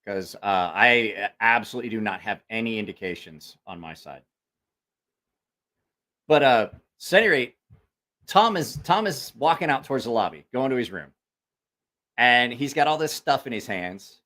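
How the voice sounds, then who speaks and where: Medium-pitched, animated, bright, and forceful, this livestream host moves at a moderate pace and pauses often. A father of a school-age kid, he rambles through a profane tale crowded with quoted voices on a casual stream.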